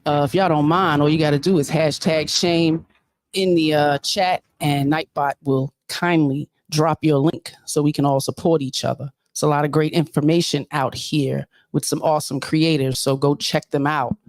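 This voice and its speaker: A woman's voice: sits low, normal speed, no echo. Emphatic woman hosting a livestream. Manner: animated, preachy, emphatic repetition. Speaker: livestream host. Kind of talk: casual livestream talk.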